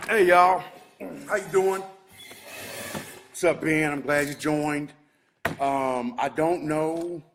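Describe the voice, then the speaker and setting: A married man, ranting in a rambling, agitated way to his live viewers from inside his shop. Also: mid-range voice. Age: adult, married with kids. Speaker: vlogger talking to live viewers. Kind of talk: casual live-stream rant.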